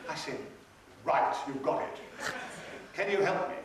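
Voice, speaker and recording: A man's voice: fairly high pitch, measured pace. An older man telling a wry, theatrical story as a convention panel guest, acting out the other people's lines. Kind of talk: anecdotal storytelling. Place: convention hall. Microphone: audience recording from far off. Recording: echoey hall recorded from a distance with noise.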